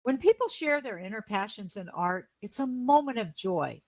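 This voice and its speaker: Brief: earnest woman co-host, mid-pitched, dry close sound. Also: animated, normal speed, a little mellow, no room sound, rough recording. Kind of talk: scripted news read.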